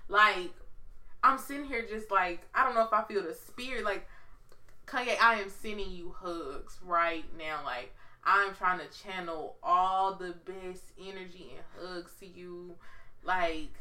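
A woman with a very bright, forceful voice, talking in a loose, animated way. She tells stories with lots of slang and swearing, like an easygoing co-host chatting with a friend. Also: on the low side, measured pace. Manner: animated, profane, slangy storytelling. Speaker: podcast co-host. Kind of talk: casual chat.

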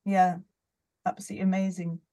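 An older woman with a fairly low voice hosts a relaxed interview. She encourages and affirms her guest as he talks. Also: fairly quick. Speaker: interview host. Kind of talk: casual interview.

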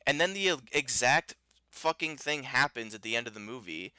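A man's voice: medium pitch, lively intonation, fast talker, bright, forceful tone, clear, resonant tone, dry recording. A man co-hosting a podcast, chatting casually and animatedly about a film, rambling with many restarts. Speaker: podcast co-host. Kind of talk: casual film review chat.

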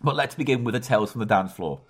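A man co-hosting a comedy podcast, trading quick, dry, teasing banter. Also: mid-range voice, breathy edge. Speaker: podcast co-host. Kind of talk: casual comedy chat.

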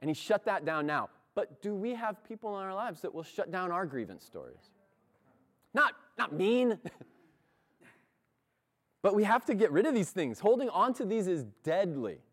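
A man delivers a sermon in church, his fairly high voice rising and falling with lively expression. He talks to the congregation in an easy, conversational way and laughs often as he preaches. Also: moderate pace, long pauses.

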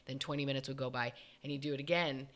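A woman's voice: very deep voice, fast. A young woman chatting casually, telling stories and acting out the lines of people in them. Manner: animated storyteller, acts out quoted lines. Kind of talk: casual chat.

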